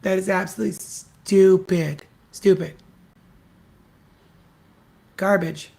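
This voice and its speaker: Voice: mid-range voice, steady tone, slow, creaky, darkish tone. A solo podcast host delivering an opinion rant in a mid-range voice. The delivery is blunt and scornful, full of profanity, and leans on repetition to drive each point home. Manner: emphatic repetition.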